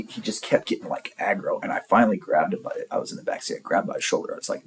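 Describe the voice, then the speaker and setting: A man's voice: fairly low pitch, fast, hardly any pauses, husky, poor audio. A man in his forties from the San Diego area, telling a rambling, profane story in a blunt, casual way. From San Diego area, California. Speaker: storyteller vlogger.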